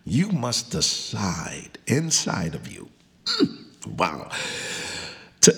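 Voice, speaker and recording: A man's voice: lowish voice, huge pitch swings, drawn-out words, pauses often, pushed and bright. A man preaching a radio sermon to singles, repeating phrases and leading declarations. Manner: preachy, repeats words, leads call-and-response declarations.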